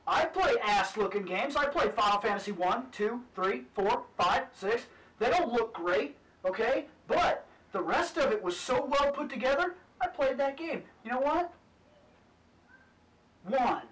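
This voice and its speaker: A man's voice: very high voice, animated, a little slow, a bit bright. A man on a casual podcast, telling a story with lots of swearing and acted-out quotes. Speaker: podcast panelist. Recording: distant mic with faint noise.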